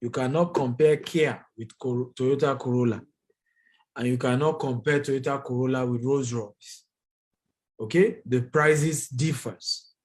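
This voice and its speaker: A man hosting a live investment training, talking straight to his viewers, emphatic and repetitive as he answers their comments. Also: medium pitch.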